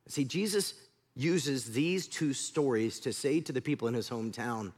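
A man preaching a sermon, telling the story in an animated way and swinging from loud to hushed. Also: mid-range voice, normal speed. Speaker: pastor.

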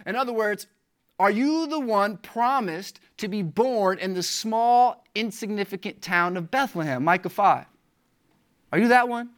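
A pastor preaching a sermon, building emphasis through repeated rhetorical questions and shifts in pitch and volume. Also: fairly bright tone.

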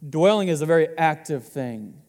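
Young pastor preaching in a reverberant hall. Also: male voice, on the high side, expressive, normal speed, a little mellow. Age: 20s. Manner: casual, joking preacher talking to the congregation. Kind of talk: sermon.

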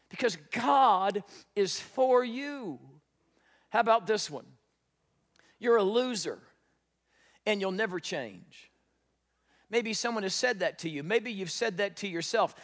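A man preaching a sermon as pastor, emphatic and repetitive, building to loud declarations. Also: high-pitched, in a large hall.

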